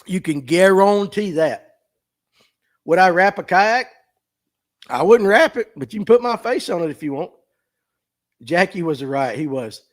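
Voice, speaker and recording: A man's voice: sits high, expressive, a little slow, pauses often. Joking Southern man with a raised voice. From Southern United States. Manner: folksy, joking, self-deprecating. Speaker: livestream podcast host. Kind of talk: casual livestream chat reading viewer comments. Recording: phone mic.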